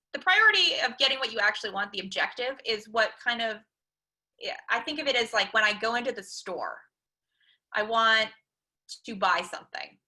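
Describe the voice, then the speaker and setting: A woman speaks with a crisp, bright tone and a slightly high pitch, leading a counseling webinar. She explains ideas through everyday personal examples, pausing often with "um" as she thinks. It sounds like an online talk over shared slides. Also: low-quality recording. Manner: personal examples, frequent "um" pauses. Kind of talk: conversational webinar lecture.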